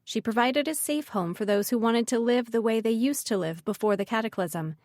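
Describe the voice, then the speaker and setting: A woman narrating a fantasy audiobook in an even, measured reading. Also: on the high side, no echo, clean studio sound.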